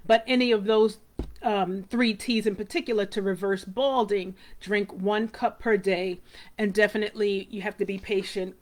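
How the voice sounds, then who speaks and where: A middle-aged woman hosting a hair care show, talking in a chatty, rambling way and calling viewers by name. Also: mid-range voice. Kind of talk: casual live talk to viewers.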